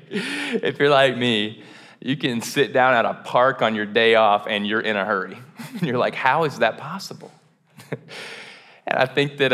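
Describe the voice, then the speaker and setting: Pastor, man, mid-pitched, loose conversational sermon, room reverb. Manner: relaxed, self-deprecating, chatty with frequent fillers and restarts. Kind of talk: casual sermon. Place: church auditorium.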